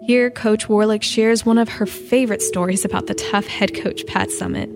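A woman giving measured, scripted narration for a story program. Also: mid-range voice, fairly even intonation, background noise. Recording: clear music bed behind voice.

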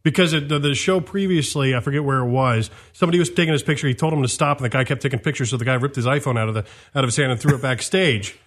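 A man's voice: mid-range voice, very fast, few pauses. Blunt, ranting middle-aged man. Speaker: radio show co-host. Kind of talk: casual chat.

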